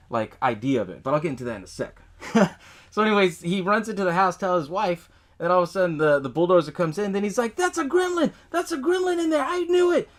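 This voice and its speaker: A man's voice: fairly high pitch, a bit bright. Guy podcast host going over a movie, cusses constantly, laughs a bunch, voice bounces all over. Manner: laid-back, swears a lot, laughs often, acts out movie lines. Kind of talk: casual movie recap.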